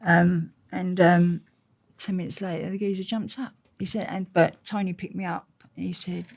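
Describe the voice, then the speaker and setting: Speaking at a moderate pace with vocal fry, this woman's lowish voice carries animated stories as an interview guest. Her storytelling is blunt and full of slang.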